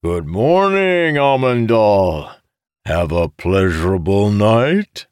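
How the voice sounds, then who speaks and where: A man's voice: deep voice, sing-song, a little slow, no echo, studio quality, voice pushed up, exaggerated voice. A man doing a brash grinning companion. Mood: teasing. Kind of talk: audiobook character voice.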